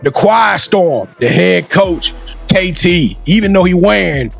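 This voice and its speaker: A man from hosts a sports show with a very high, gravelly voice. He shouts and sings his lines like a hype man, and faint music plays under him. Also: lively intonation, unhurried. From Louisiana, USA. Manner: loud, showy hype-man delivery with sing-song shouts. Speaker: podcast host. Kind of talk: hype sports podcast hosting.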